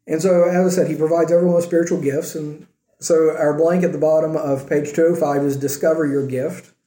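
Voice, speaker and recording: A man preaches a sermon to his congregation with a relaxed, chatty delivery, checking in with them through little rhetorical questions. His voice sits slightly high but sounds warm and mellow. The room around him rings with echo. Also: fairly quick. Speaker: pastor. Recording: roomy echo.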